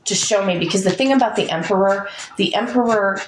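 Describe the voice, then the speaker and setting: A woman's voice: mid-range voice, a little fast, a little hiss or hum. A woman giving a chatty tarot reading to her viewers, musing aloud over each card. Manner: chatty, talks to her dog between cards. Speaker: tarot reader. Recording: echoey room.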